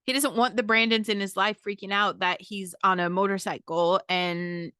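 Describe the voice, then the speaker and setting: A woman's voice: mid-range voice, fairly even intonation, moderate pace, sharp tone, clean tone, dry recording, studio quality. Podcast host, woman, 30s, blunt and profane, vivid ringing tone. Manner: emphatic, profane, keeps asking "okay?". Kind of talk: casual monologue.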